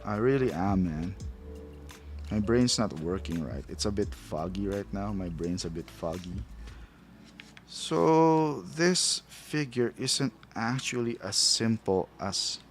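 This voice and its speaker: Non-native English-speaking man, low gravelly voice, slow unhurried rambling toy review over faint music. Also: expressive. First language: not English. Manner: rambling, thinks aloud, chuckles at himself. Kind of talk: casual unboxing commentary.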